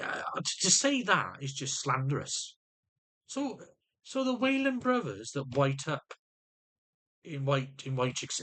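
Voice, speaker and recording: A man's voice: on the high side, pushed and bright. A middle-aged man in an agitated personal rant to camera, often stumbling and repeating words as he vents. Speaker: vlogger.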